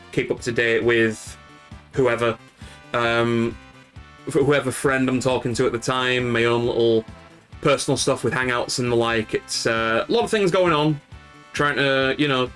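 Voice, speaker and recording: A man from Yorkshire, in the north of England, chats casually with his stream's live viewers in a Yorkshire accent, rambling with lots of fillers and restarts. His voice is medium-pitched and a bit bright.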